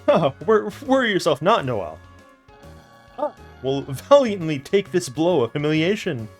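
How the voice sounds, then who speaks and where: A man plays a self-important nerdy boy in a raised, loud voice. He declaims with grandiose pomp. The game dialogue is read aloud over faint music. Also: a little high, sing-song, a little slow, pitched above the performer's own voice. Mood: pompous.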